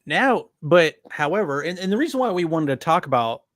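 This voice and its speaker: A man's voice: a little high, sing-song, fairly quick, a bit bright, dry recording, clean studio sound. A man co-hosting a podcast, chatting casually in a rambling way with many fillers. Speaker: podcast co-host.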